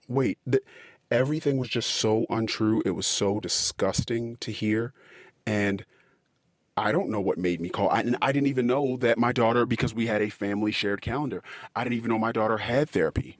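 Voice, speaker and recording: A man hosting a podcast, telling a personal story in an earnest, aggrieved way, with frequent pauses and fillers. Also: lowish voice, no room sound, studio quality.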